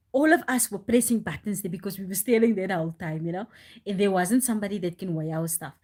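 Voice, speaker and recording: Animated woman telling stories. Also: medium pitch. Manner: animated, rambling with restarts, laughs often. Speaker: livestreamer. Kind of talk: casual storytelling on a live stream.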